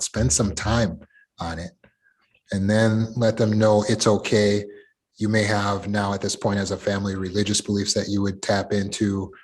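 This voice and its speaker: Leading a support group discussion over video call, this middle-aged coach talks through examples with animation. His voice is on the low side.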